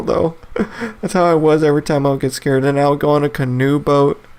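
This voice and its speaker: A man's voice: on the high side, smooth. A young man in his twenties talks alone on his casual podcast. He rambles loosely, stacks up fillers and false starts, and laughs often between thoughts. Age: 20s. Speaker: podcast host. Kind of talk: casual solo podcast monologue.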